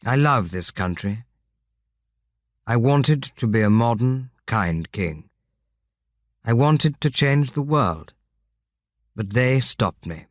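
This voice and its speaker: A man voicing a gentle, sorrowful young king in a storybook reading, speaking softly and earnestly. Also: medium pitch, animated, takes it slowly, long pauses, dry recording, studio quality. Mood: sad, earnest. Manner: soft, earnest lines. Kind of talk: audiobook character reading.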